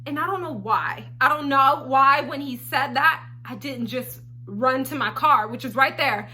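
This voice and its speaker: A woman telling a personal story on her vlog in a blunt, profane, animated way. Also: high voice, measured pace, a little hiss or hum. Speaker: storytelling vlogger. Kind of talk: casual storytime.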